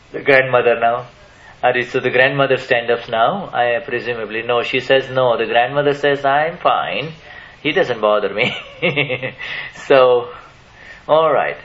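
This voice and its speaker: Man, spiritual teacher at a live Q&A, halting delivery full of restarts, dull lo-fi recording. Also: mid-range voice, fairly bright tone. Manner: hesitant, many restarts, asks the audience questions. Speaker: spiritual teacher answering questions. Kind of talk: spiritual Q&A talk to a live audience.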